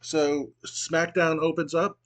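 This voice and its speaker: A man narrates a game playthrough in a relaxed, casual manner. His voice sits slightly above the usual male range, and he talks in an easy play-by-play style. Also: a little high, slow. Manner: relaxed play-by-play, occasional fillers. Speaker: let's play host.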